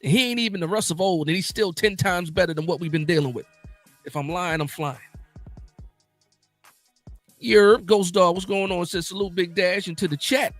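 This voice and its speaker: A man hosting a casual live sports talk stream, animated and emphatic, often repeating himself for emphasis. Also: sits high, moderate pace, pauses often, dry recording, faint music behind.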